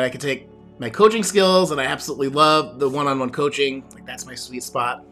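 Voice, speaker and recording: A man's voice: mid-range voice, brisk, fairly bright tone, faint music behind. A man hosting his own podcast and talking alone to a camera as a coach, reflective and rambling, with many fillers and restarts. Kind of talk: solo podcast monologue.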